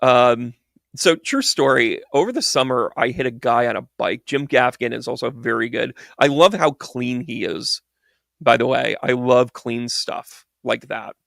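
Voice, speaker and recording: Gravelly man telling a rambling story. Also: medium pitch, unhurried, a bit bright, no room sound, clean studio sound. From United States. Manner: rambling and digressive, restarts, laughs at his own story. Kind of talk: casual storytelling monologue.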